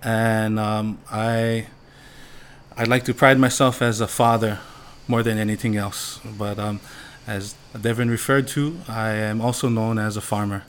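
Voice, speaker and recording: A man's voice: fairly low pitch, little pitch movement, unhurried, slight background noise. A man from Hawaii, a farmer and father, speaking as a podcast guest in a humble, earnest way and laughing easily. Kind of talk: casual podcast interview.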